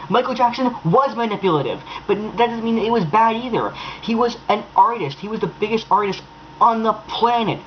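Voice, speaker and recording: A man's voice: high-pitched, expressive, fairly quick, muffled recording, a little hiss or hum. A young man ranting to camera in an exasperated, sarcastic tone, swearing freely. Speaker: vlogger. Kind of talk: angry rant to camera.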